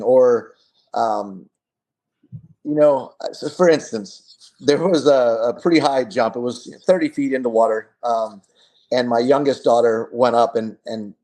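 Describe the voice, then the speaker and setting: A relaxed man chats as a guest. His pitch sits in an ordinary middle range, and he rambles through stories with easy fillers and little laughs along the way. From United States. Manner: relaxed storytelling, chuckles often, many fillers. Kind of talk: casual interview conversation.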